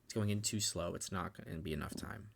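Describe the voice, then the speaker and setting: Young male co-host, very low and gravelly, loose run-on recap with heavy swearing. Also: brisk, crowd noise. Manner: emotional, swears freely, loose run-on retelling. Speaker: podcast co-host. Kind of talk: casual movie recap chat.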